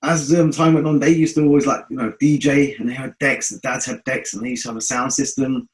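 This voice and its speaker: A man with a London accent, a guest telling stories in a casual interview, animated and rambling, acting out the people he quotes. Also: medium pitch, rough recording. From North West London. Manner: animated, acts out quoted voices, fast rambling. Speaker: guest musician.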